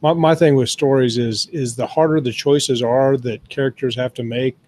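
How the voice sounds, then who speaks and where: A man's voice: mid-range voice, fairly even intonation, normal speed, mellow. A man talking casually on a podcast, thinking ideas through aloud at length. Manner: thoughtful, explains ideas at length.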